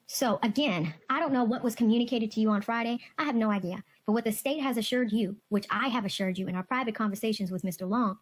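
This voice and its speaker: A woman's voice: mid-range voice, darkish tone. A woman prosecutor speaking firmly to a witness in a courtroom exchange, repeating her points with insistence.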